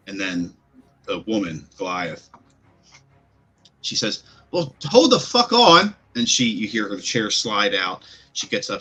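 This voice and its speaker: Low, husky man running a game. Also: pushed and bright. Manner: loose, rambling descriptions full of fillers. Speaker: game master. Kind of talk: narrating a tabletop game. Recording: faint music behind.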